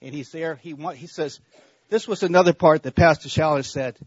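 Husky-voiced man giving a chatty church talk. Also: on the high side, a little fast, no echo, highs cut off. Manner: repetitive, checks in with "okay?". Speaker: church speaker. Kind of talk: conversational faith talk.

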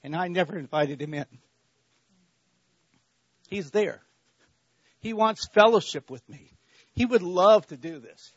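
A man's voice: sits high, lively intonation, unhurried, long pauses, breathy edge, dry recording, dull audio. A man giving a conversational faith talk at church, repeating himself and checking in with the listeners. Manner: repetitive, checks in with "okay?". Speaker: church speaker.

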